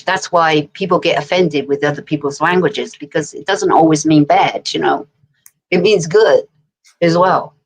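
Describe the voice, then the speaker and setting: A woman from England with an English accent talks casually on a livestream. Her voice sits fairly low, and she rambles along with frequent laughter. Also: moderate pace. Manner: chatty and rambling, laughing often.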